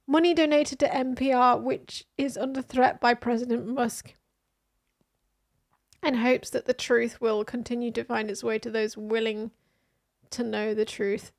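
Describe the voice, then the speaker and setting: A woman streamer reading news posts aloud and reacting in a casual, animated way, with exclamations. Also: a little high, unhurried, vocal fry.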